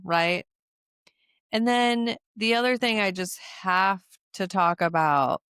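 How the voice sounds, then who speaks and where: Brief: middle-aged woman host, earnest teaching monologue, lowish voice, dry close sound. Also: fairly bright tone, smooth, dry recording. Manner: earnest, often repeats words for emphasis. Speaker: podcast host.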